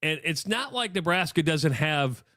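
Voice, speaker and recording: This is a man co-hosting sports radio, chatting casually about sports and spinning lively stories, voicing other people's quotes with dramatic pitch leaps. He speaks at a moderate pace, and the studio-quality audio carries no room sound.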